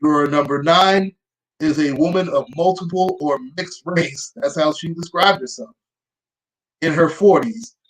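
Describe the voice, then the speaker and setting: A woman's voice: deep voice, low-quality recording. A woman hosting her own show, reading out a news report and adding dry, sarcastic asides. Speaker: host. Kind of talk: reading news aloud with commentary.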